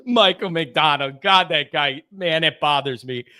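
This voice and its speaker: Animated high-voiced man hosting a call-in show. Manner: animated, laughs often, quick asides. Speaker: host of a live call-in sports show. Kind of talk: casual live call-in chat.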